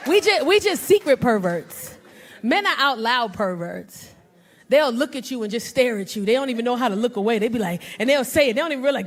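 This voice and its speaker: Brash high-voiced woman doing stand-up. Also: slight background noise. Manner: brash, profane, teasing banter with the audience. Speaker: stand-up comedian. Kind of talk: live stand-up set with crowd work. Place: comedy club stage with a live audience. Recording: live audience laughter.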